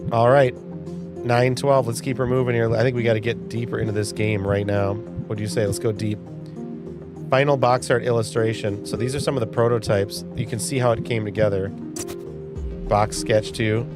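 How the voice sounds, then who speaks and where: A man's voice: mid-range voice, fairly even intonation, moderate pace, music in the background. A man in his forties hosting a live stream, playfully reacting to viewer comments in casual chat. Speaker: livestream host.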